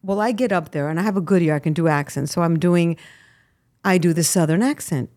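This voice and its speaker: A middle-aged woman from Miami, a guest actress, chatting casually in an interview and telling animated stories with frequent laughs. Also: on the low side, a little fast. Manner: animated storyteller, laughs often, lively asides.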